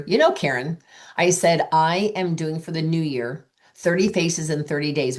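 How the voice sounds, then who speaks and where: Low-voiced chatty woman coaching. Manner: chatty, acts out quoted dialogue. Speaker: sales coach. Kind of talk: coaching talk with anecdotes.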